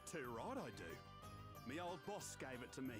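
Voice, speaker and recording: An actor playing a brash, sentimental treasure hunter with an Australian accent, boastful and full of slang, with game music behind him. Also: male voice, medium pitch, animated, normal speed, natural voice. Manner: boastful, cheery slang-filled talk.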